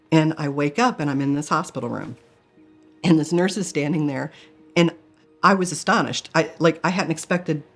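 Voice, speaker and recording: A middle-aged woman candidly telling a personal story in a testimony style, earnest with flashes of self-mocking humor. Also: low-pitched. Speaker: guest telling a near-death experience.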